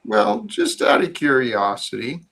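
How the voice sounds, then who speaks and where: A man hosts a casual spiritual chat and talks in a slow, unhurried way. His manner is earnest and reflective, and his voice sits in an ordinary middle pitch. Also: expressive, fairly bright tone, a little hiss or hum. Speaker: livestream host.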